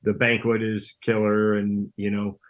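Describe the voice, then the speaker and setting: Low-voiced, plain-spoken middle-aged guest, man. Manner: relaxed, plain-spoken, halting restarts. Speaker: guest, pro angler. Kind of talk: casual interview chat.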